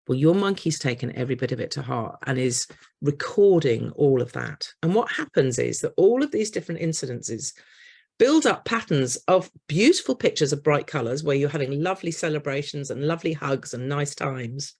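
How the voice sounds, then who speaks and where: A woman's voice: low-pitched, expressive, normal speed, creaky. A woman, a therapist giving a storytelling workshop talk and acting out little scenes as she goes. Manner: warm storyteller acting out voices of parents and children.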